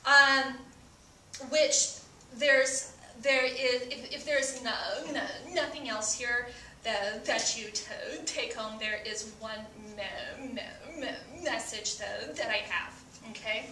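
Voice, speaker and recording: Stand-up comic, female, heavy stutter, slow delivery, captured from a distance in a reverberant room. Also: a little high, bright, forceful tone, a little hiss or hum. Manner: stutters with frequent repeated sounds. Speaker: stand-up comedian. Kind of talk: stand-up comedy set. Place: stage before a live audience.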